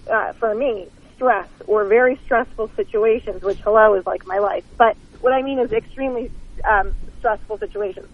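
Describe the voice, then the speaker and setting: A woman's voice: medium pitch, normal speed, husky. Chatty woman on a muffled phone line. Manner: candid, self-mocking, laughs often. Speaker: author and guest. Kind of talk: phone-in interview, casual storytelling.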